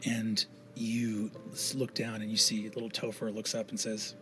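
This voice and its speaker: A man narrating a tabletop game as game master, animated and shifting between characters. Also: fairly low pitch, normal speed, breathy edge, soft background music.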